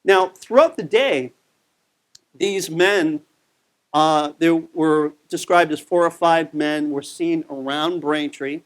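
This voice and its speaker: A man's voice: fairly high pitch, takes it slowly. A man giving a conversational local history talk over a slide show, telling the story with plenty of fillers.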